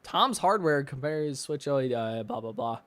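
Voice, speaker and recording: A man's voice: medium pitch, lively intonation, moderate pace, a bit bright, no echo. A man streaming live, reading chat and posts aloud with profane, mocking, ranting commentary. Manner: reads chat and posts aloud with sarcastic asides.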